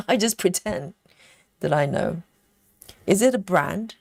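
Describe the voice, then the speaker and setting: Speaking slowly in a fairly low, creaky, darkish voice, this woman chats her way through a live cross-stitch stream, counting stitches and reading out viewer comments. She's expressive but keeps breaking off mid-thought and leaning on fillers. There's no room sound, just clean studio audio.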